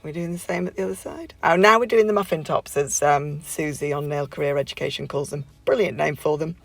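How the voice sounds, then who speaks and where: A woman's voice: low-pitched, a little fast, creaky, no echo. A woman talking through a home nail tutorial as a casual voiceover, chatty and rambling, with plenty of fillers and restarts.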